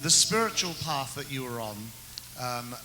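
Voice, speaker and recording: A man's voice: mid-range voice, animated, a little slow, over music, poor audio. A man interviewing a guest, asking long, winding questions with fillers.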